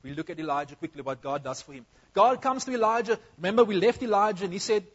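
A man's voice: high-pitched, lively intonation, quick pace, few pauses, highs cut off. A man preaching a sermon, talking to the congregation directly with energy and in a conversational way.

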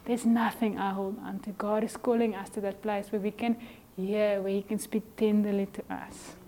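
A middle-aged woman preaching a conversational sermon in a church, animated and chatty, acting out little scenes and sometimes dropping her voice to a near whisper. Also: medium pitch, moderate pace, slight background noise. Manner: animated, conversational, acts out voices in quotes, drops to a whisper at times.

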